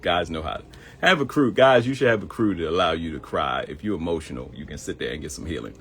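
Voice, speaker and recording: Deep-voiced man hosting a live show. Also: fast, husky. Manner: conversational, preachy, joking. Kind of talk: casual livestream monologue.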